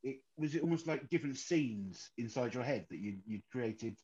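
A man with a mid-range voice asks a question through a headset. The sound is dull and muffled. He speaks in a relaxed way and pauses on ums. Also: mid-range voice. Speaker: audience member asking a question. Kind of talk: casual Q&A talk.

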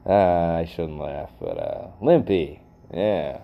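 A man's voice: low voice, animated, a little slow, few pauses, warm tone. A middle-aged man hosting a solo podcast, rambling goofily and laughing at his own jokes, sounding tired and worn out. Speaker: podcast host.

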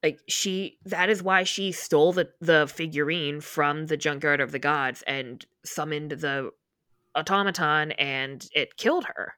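Lower-voiced woman podcaster, dry sound. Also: steady tone, unhurried, bright, forceful tone, dry recording. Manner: retells scenes with quoted dialogue, emotional. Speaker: podcast co-host. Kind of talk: casual book discussion.

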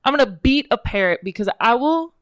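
A young woman co-hosting a podcast, excitable and quick to laugh, swearing freely in casual chat. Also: a little high, no echo, clean studio sound. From American Midwest. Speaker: podcast co-host.

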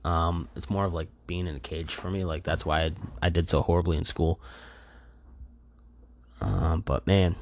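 A tired man hosts a casual solo podcast, rambling loosely in a deep, low voice and leaning on fillers as he goes. He sounds worn out. The recording is dry and close, with no echo. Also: fairly even intonation, normal speed. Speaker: podcast host. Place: apartment.

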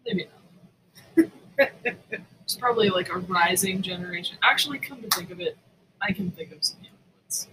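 Lively, wry woman co-host. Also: on the low side, normal speed, pauses often, far from the mic, background noise. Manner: wry, teasing asides. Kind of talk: casual chat.

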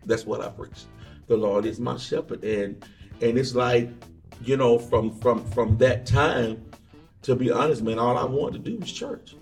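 A man, an evangelist guest on an interview show, tells stories from his life in a relaxed way and acts out the voices of the people he quotes. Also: medium pitch, measured pace, far from the mic. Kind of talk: casual interview storytelling. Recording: echoey room, off-mic, faint music.

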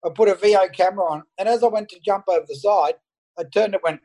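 An Australian man, a fishing photographer, telling an animated story over an internet call and acting out the dialogue. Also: high-pitched, fast, poor audio. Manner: animated anecdote, acts out dialogue. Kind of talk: casual storytelling.

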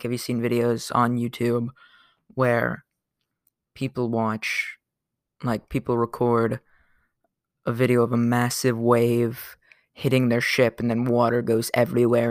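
A young man talks through his solo podcast in a loose, rambling way, full of fillers and asides. His voice has a gravelly edge and sits at an ordinary pitch. The recording is dry and close. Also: no room sound. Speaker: podcast host. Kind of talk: casual solo podcast monologue.

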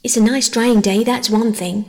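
A woman voicing a thoughtful, grown-up-minded older girl in a storybook reading, earnest in manner, with a gravelly tone and long reverb. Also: a little high, fairly even intonation, moderate pace, dark tone, lightly acted.

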